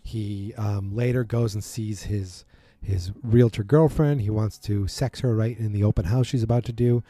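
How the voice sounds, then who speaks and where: A man in casual chat, rambling through a TV episode recap with many fillers and quick acted-out quotes. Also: fairly low pitch, fairly even intonation, mellow, no room sound. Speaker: podcast host recapping a TV drama.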